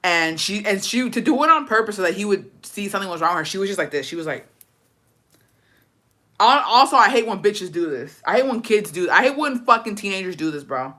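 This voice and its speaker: Bright-voiced, foul-mouthed young woman storyteller. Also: medium pitch, brisk. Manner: profane, blunt, animated storytelling; mixes Spanish phrases into English. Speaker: livestream host. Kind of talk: casual storytime rant.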